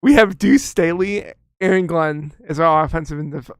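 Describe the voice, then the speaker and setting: A man's voice: fairly high pitch, moderate pace, clear, resonant tone, no echo, studio quality. A man co-hosting a football podcast, talking casually, stammering into his points and acting out quotes. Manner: stammering restarts, acts out quotes. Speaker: podcast co-host. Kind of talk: casual sports chat.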